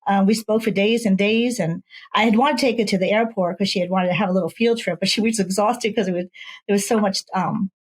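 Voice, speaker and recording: A woman's voice: mid-range voice, steady tone, fast, breathy edge, poor audio. A woman author from Ohio, a guest in an interview, telling her story with lots of energy and acting out the quoted voices.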